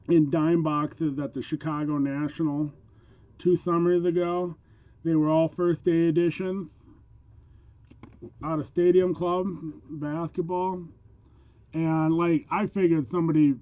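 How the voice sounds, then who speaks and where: A man from Minnesota with the distinctive speech of a hard-of-hearing talker, chatting casually through a sales vlog, his voice rough from a cold and broken by ums. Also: on the high side, no echo, phone-quality sound. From Minnesota, USA. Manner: chatty, with frequent ums and small laughs. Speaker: eBay reseller.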